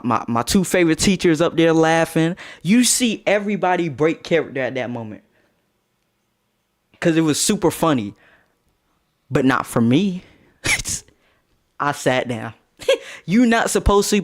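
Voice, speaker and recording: A young man with a slightly high voice chats to his stream in a loose, slangy storytime. He is animated, laughing between lines and jumping up into louder, higher bursts when he acts out the moments. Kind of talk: casual storytime chat.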